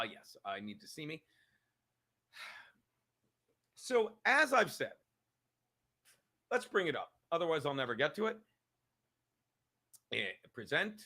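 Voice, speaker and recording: A man's voice: fairly high pitch, bright, forceful tone. A male podcast host in a profane live-stream rant, angry and emphatic, swearing constantly and repeating his points.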